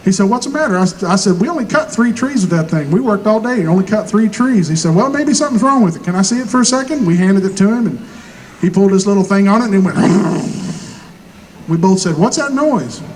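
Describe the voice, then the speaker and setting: Folksy hillbilly comic with a high voice. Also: male voice, fairly quick, slight background noise, rough recording. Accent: American Southern rural. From Missouri. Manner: folksy hillbilly drawl, deadpan punchlines, acts out both sides of dialogue. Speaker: stand-up comedian. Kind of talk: stand-up comedy storytelling.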